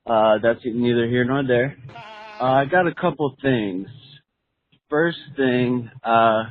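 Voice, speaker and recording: Laid-back male caller, mid-pitched, on a thin dry phone line. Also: takes it slowly. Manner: relaxed, rambling, many "uh" fillers. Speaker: voicemail caller. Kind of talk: casual voicemail message.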